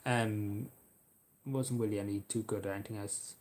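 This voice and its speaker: A young Irish man talking casually as he answers viewer questions, halting often with ums and repeating his phrases. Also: lowish voice, steady tone, darkish tone. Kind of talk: casual Q&A monologue.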